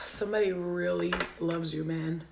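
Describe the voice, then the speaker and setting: Gravelly-voiced woman giving an emotional livestream reading. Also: fairly low pitch, steady tone, a little slow, darkish tone, slight background noise. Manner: heartfelt, swearing, talks straight to viewers. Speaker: spiritual reader on a livestream. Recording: roomy echo.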